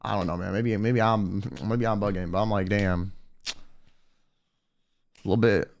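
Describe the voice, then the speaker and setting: A young man, a streamer, telling a profane, animated story in casual chat and quoting people in put-on voices. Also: on the low side, quick pace.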